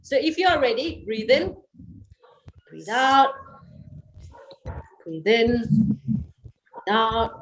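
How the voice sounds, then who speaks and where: A woman's voice: on the high side, low-quality recording. A woman leading a guided laughter yoga session over a video call, coaxing and encouraging her listeners.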